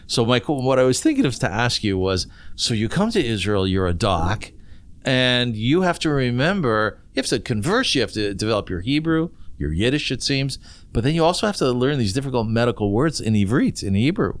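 Male podcast host, low and smooth, chatty and teasing. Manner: chatty, playful, teasing questions. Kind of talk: casual interview chat.

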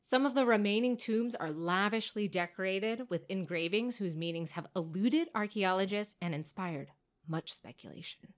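A woman's voice: medium pitch, moderate pace. A woman co-hosting a podcast, telling a story in a playful, giggly way and slipping into voices. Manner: playful, giggly, tells stories with put-on voices. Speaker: podcast co-host. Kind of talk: casual comedic chat and storytelling.

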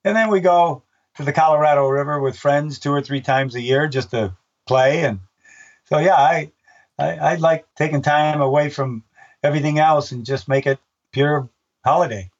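An older man, a race announcer, chatting in an interview and acting out his own shouts as he tells stories. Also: a little high, moderate pace, distant mic, lo-fi sound. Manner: animated storyteller, acts out his own shouts. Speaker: race announcer and book author. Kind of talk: casual interview chat.

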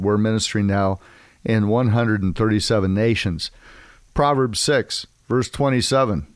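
A man hosting a devotional men's ministry talk. He speaks emphatically and repeats key phrases slowly. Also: on the low side, dry recording, clean studio sound. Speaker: host and preacher.

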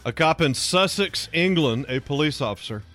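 Guy cohost reading goofy news, giggly, bouncy pitch, bright voice. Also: expressive, moderate pace, soft background music. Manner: giggly, reads stories with amused asides. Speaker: radio show co-host reading news stories. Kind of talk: casual comedic chat.

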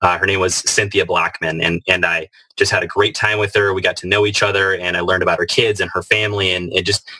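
Earnest low-voiced man telling a story. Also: level tone, fast talker, hardly any pauses, sharp tone, no echo, rough recording. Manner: earnest, many fillers and restarts. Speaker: guest, author. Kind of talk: storytelling in a podcast interview.

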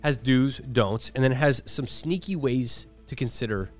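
Animated, laughing man in casual podcast chat. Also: medium pitch, moderate pace, faint music behind. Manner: animated, laughs often, acts out quoted voices. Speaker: podcast co-host.

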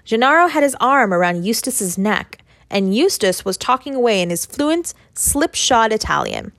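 A woman narrating a classic short story as an audiobook, in a measured, even reading. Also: on the high side, no room sound. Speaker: audiobook reader.

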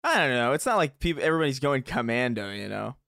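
A man's voice: medium pitch, sing-song, fast, vocal fry, a bit bright, no echo, clean studio sound. A man in a casual podcast chat, joking in a laid-back, shrugging way.

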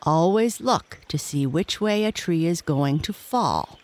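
A storyteller voicing a kindly, patient father beaver in a bedtime storybook, explaining things slowly. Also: medium pitch, lively intonation, darkish tone, natural voice. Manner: instructive, patient.

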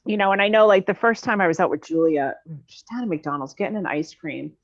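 A woman's voice: on the low side, fast talker. A woman in her thirties talking candidly in an interview, rambling with many fillers and restarts. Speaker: guest. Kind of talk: conversational podcast interview. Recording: dull lo-fi sound.

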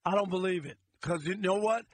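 A man's voice: sits high, a little fast, poor audio. A middle-aged man guest-hosting sports talk radio, arguing emphatically and repeating his points.

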